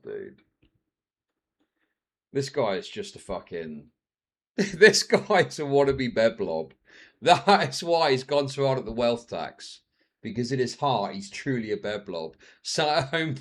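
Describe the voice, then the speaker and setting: A man's voice: big pitch swings, unhurried. A man streaming live, reacting to a video with profane, mocking commentary. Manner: profane, mocking, slips into shrill mimicking voices.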